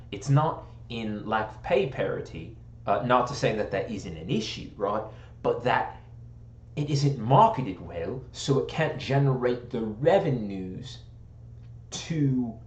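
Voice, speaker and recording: An American man in casual, rambling chat, mocking himself and joking about slipping into a posh British accent. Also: mid-range voice. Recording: echoey room.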